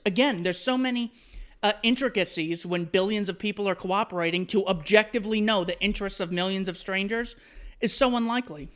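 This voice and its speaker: A man's voice: sits high, fairly quick, fairly bright tone, smooth. Guy doing a commentary rant on an article, sarcastic and mocking, lots of asides. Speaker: commentary host. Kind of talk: solo commentary reading and rebutting an article.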